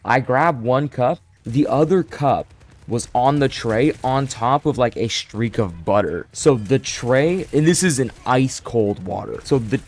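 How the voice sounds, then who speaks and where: A young man telling a casual storytime, animated and self-deprecating, often restarting his sentences. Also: medium pitch. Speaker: storyteller vlogger.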